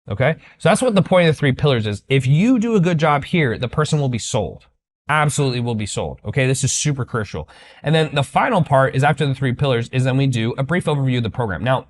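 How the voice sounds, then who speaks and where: A man teaching sales techniques, blunt and emphatic, acting out bits of sales-call dialogue. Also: medium pitch. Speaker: business coach. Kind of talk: sales training talk.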